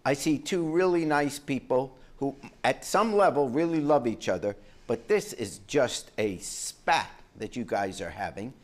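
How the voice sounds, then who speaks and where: A man's voice: medium pitch, animated. An older man presiding as a television judge, blunt and wry, handing down rulings in a courtroom. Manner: blunt, joking, brisk rulings. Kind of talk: courtroom TV show. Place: TV courtroom set.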